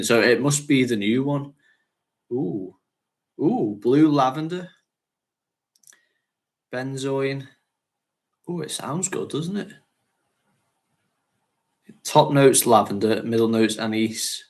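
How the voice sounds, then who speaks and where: This is a man, talking casually on a livestream. He rambles in a chatty way, laughs often, and sits at an ordinary middle pitch. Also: animated, slow, pauses often. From North West England. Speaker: fragrance channel host.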